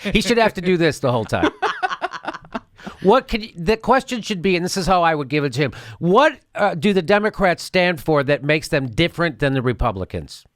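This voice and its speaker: A man's voice: a little high, animated, brisk, no room sound, studio quality. A man hosting a political commentary show, ranting sarcastically and laughing as he mocks what he plays. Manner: sarcastic, mocking, laughs often.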